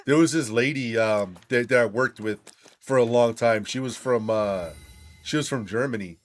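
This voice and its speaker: With a mid-range voice at a normal speed, this gaming channel host chats casually while playing. He's an animated storyteller who swears freely as he comments on the game.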